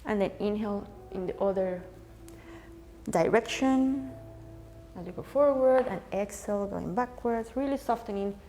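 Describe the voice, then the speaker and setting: Yoga teacher, female, warm low-bright tone, calm breath cues, slight hiss behind. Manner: calm, slow cueing of breath and movement. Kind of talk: guided yoga class instruction. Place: home studio space, live-streamed.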